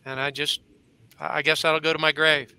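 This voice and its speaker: Judge, man, crisp bright voice, measured delivery. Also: fairly high pitch, level tone.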